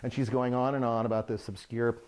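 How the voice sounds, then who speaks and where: A middle-aged man, a remodeling contractor, telling a humorous anecdote from his work to the camera in a lively way. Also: medium pitch, a little fast, clean tone. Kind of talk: storytelling to camera.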